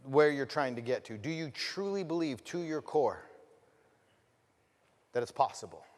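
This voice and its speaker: A man telling a personal story as a motivational speaker, swinging between loud, fired-up bursts and hushed passages, and asking the audience direct questions. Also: mid-range voice, animated, moderate pace, big-room sound. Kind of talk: storytelling keynote speech.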